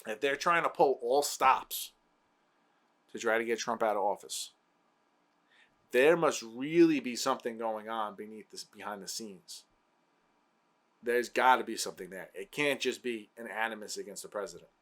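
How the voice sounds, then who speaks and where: A man's voice: fairly low pitch, moderate pace, long pauses, fairly bright tone. A man hosting his own show, ranting heatedly and exasperatedly about politics, repeating himself. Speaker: podcast host. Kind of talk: political rant.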